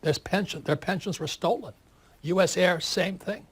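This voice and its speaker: A man in his seventies, an author giving an interview, talking in an animated, forceful way and repeating words for emphasis. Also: sits high, moderate pace, slightly rough. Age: 70s.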